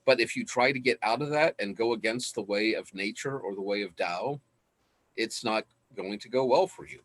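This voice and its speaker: A man's voice: fairly low pitch, moderate pace, fairly bright tone. A man teaching in a casual lecture, enthusiastic and laughing often as he talks.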